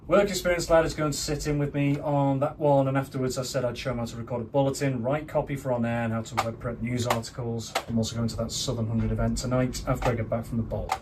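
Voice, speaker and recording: A man reels off his busy workload at a brisk clip, a little away from the microphone. A clear layer of room noise sits behind him. It is a comic mockumentary delivery. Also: mid-range voice, flat delivery, recorded from a distance. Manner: rapid, self-important rundown. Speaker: news reporter character in a mockumentary. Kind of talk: comedic scripted mockumentary.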